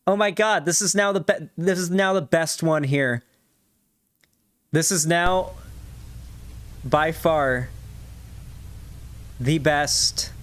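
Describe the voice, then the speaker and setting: A man's voice: a little high, slow pace, long pauses, a bit bright. A man hosting a casual livestream, chatting and reading donations in a rambling way with many fillers. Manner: rambling, full of fillers and restarts. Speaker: livestream host. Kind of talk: casual live chat.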